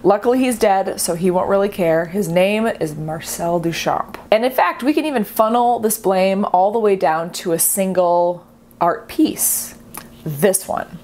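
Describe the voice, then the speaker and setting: A woman's voice: mid-range voice, a little slow, a little mellow, slight background noise. A young woman who is an artist, explaining art history in a chatty, playful, self-mocking way. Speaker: artist and video host.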